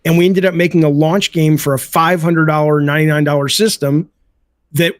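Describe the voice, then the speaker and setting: A man's voice: on the high side, fairly even intonation, a little fast, no echo. A middle-aged man, a game developer guest on a podcast, talking in a blunt, emphatic, opinionated way. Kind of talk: casual podcast chat.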